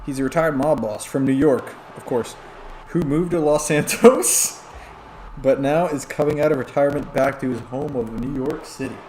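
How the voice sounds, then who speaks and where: A man's voice: medium pitch, normal speed, a little mellow, reverberant, a little hiss or hum. A tipsy man streaming and giving rambling play-by-play commentary on a wrestling video game, chatting back to his viewers.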